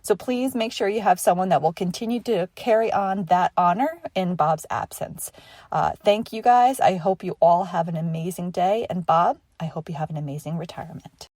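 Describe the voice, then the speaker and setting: A woman from New York leaves a voicemail in a wry, articulate way with light teasing. Her voice sits a little low, and the sound is close and dry. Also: normal speed, a little mellow, no echo. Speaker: caller. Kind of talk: voicemail message to a radio show.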